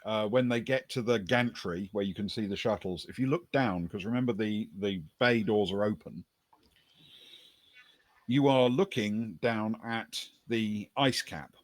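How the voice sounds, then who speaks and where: A man narrating a tabletop game as game master, describing scenes in an unhurried way with many pauses. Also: lowish voice, no echo.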